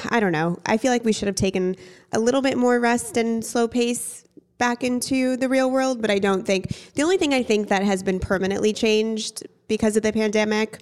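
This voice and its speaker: A woman's voice: fairly high pitch, fairly even intonation, normal speed, a little mellow, smooth. A young woman co-hosting a podcast with her sister, chatting casually, blunt and teasing, swearing freely. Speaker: podcast co-host. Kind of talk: casual chat.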